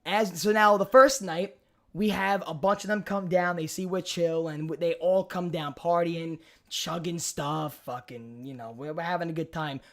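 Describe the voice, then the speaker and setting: A young man with a Brooklyn accent, hosting a podcast and telling a party story with lots of swearing and animated storytelling. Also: a little high, normal speed. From Brooklyn, New York. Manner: animated storytelling, profane, acts out quoted voices. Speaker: podcast host. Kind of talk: casual chat.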